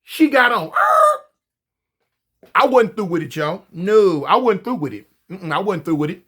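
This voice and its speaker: A man telling a story casually, animated and profane, often stammering and repeating himself. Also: high-pitched, normal speed, breathy edge.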